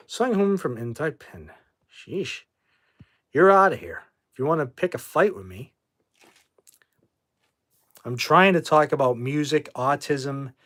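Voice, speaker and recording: Streaming casually from his phone, a livestream host with a mid-range voice rambles about music. When commenters in chat annoy him, he flares up angrily and swears as he kicks them out.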